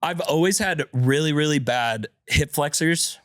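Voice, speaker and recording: Animated, congested man telling a story. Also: measured pace, no echo, clean studio sound. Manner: animated storyteller, acts out quotes in a shrill voice. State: congested chest. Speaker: podcast co-host. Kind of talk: casual storytelling chat.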